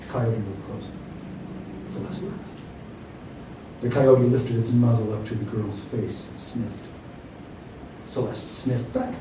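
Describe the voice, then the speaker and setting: A man, an author, reads his own fiction aloud at a library event in a measured, expressive storytelling manner. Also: mid-range voice. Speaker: author reading his work. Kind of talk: live reading of fiction. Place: library reading room. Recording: roomy hall from far off, faint noise.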